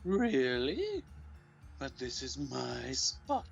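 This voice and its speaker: Snooty Booty, a haughty and condescending lady cat, purring out each word in a slow drawl, as a man puts her on. The voice is gravelly and fry-laden. The recording is slightly dull and lo-fi. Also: medium pitch, huge pitch swings, faint music behind, heavily acted.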